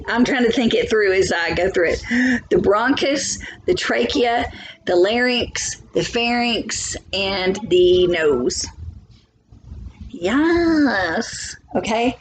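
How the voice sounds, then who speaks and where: A woman's voice: on the high side, a little hiss or hum, poor audio. A woman teacher giving a biology lesson from home, chatty, thinking aloud and asking for agreement.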